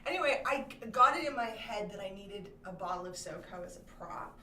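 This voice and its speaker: A woman's voice: medium pitch, lively intonation, brisk, sharp tone, echoey room, distant mic, slight background noise. A young woman, an actor, telling a wry story in casual chat. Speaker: actor guest at a roundtable.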